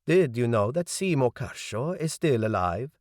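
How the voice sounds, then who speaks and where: A male audiobook narrator playing a grieving young man who speaks in a measured, rueful way. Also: mid-range voice, very animated, a little mellow, no room sound, studio quality, voice pushed up. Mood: guarded. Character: young adult man, grieving politician's son, guarded.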